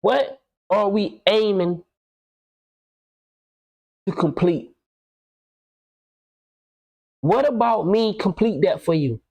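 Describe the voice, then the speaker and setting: A man's voice: sits high, lively intonation, slow pace, gravelly, darkish tone, poor audio. A man in his thirties holds forth in a loose podcast chat. He is blunt and preachy, drops curse words freely and lectures the listener. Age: 30s. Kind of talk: casual podcast conversation.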